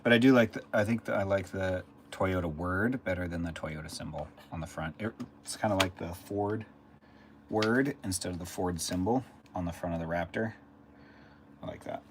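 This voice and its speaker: A deep-voiced man rambles on his live stream, chatting loosely and answering viewers in chat. He speaks casually from a room at home, with faint hiss behind him. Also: moderate pace.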